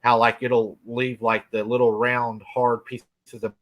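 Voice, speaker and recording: A folksy middle-aged man spins a spooky campfire-style tale with an easy drawl. His voice sits at an ordinary pitch and moves at a relaxed, conversational pace. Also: measured pace, a crowd in the background. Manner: folksy, drawling, laughs often. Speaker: guest telling a cryptid encounter. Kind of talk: casual storytelling. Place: rural farm home.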